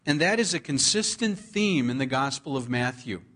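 A man preaching a sermon, earnestly quoting scripture and drawing out the key phrases slowly for emphasis. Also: medium pitch, animated, a bit bright. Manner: earnest preaching, drawn-out repeated scripture quotes. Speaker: pastor.

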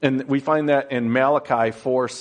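A man preaching a sermon in a slow, conversational style, often pausing on fillers and building to emphatic, rising passages. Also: mid-range voice, fairly even intonation, dull audio. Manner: plain storytelling with frequent fillers.

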